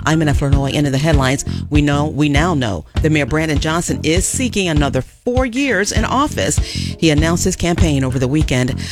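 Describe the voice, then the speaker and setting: Brisk female news anchor over a music bed. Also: sits low, lively intonation. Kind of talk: read news bulletin.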